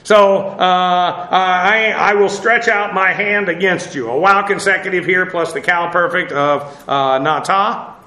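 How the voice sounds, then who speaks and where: A man teaches a Bible passage word by word, pausing on filler sounds and spelling Hebrew terms one letter at a time. His voice sits a little high for a man and comes across bright and forceful. The room around him rings with a clear echo. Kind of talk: verse-by-verse Hebrew word study.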